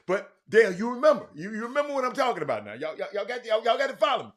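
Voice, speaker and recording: Animated, bright-voiced man hosting a live sports chat. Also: high voice, racing, few pauses. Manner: chatty, shouting out viewers by name, many restarts. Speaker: live show host. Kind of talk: casual live-stream sports talk.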